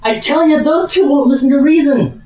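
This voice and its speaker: A man's voice: very high-pitched, normal speed, darkish tone, pitched above the performer's own voice. Man putting on a frantic, panicked young wizard. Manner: frantic, pleading. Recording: echoey room, far from mic.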